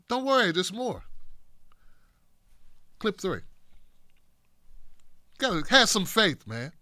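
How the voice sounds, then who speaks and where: A man's voice: high-pitched, very animated, measured pace, long pauses, pushed and bright, dry recording, studio quality. A man giving sarcastic, joking commentary on political clips, sometimes acting out other voices. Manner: sarcastic, jokey, acts out voices.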